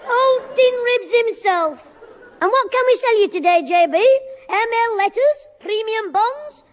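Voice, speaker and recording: A shrill cheeky schoolboy. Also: male voice, expressive, unhurried, long reverb tail, a faint crowd. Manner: wisecracking, cheeky. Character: cheeky cash-strapped schoolboy. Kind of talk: 1960s radio sitcom acting.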